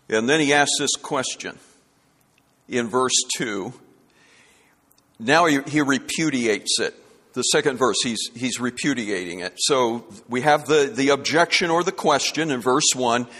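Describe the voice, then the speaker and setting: A man's voice: medium pitch, measured pace, bright, forceful tone. A male pastor giving a sermon in an earnest, emphatic way, often restarting phrases as he builds a point. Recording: long hall reverb.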